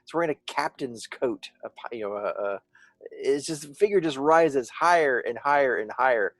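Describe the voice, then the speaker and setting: A man narrating as game master of a tabletop game, often pausing and restarting as he searches for words. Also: mid-range voice, animated, a bit bright, no echo.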